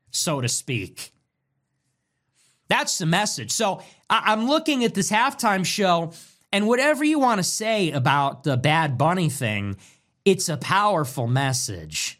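A man's voice: a little high, big pitch swings, a little slow, a bit bright. A man commentating in a solo monologue, emphatic and repetitive in short punchy sentences.

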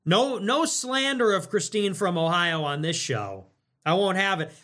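A young man hosting a livestream, riffing casually in a mocking, animated way with lots of rapid repetition. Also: sits high. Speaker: livestream host.

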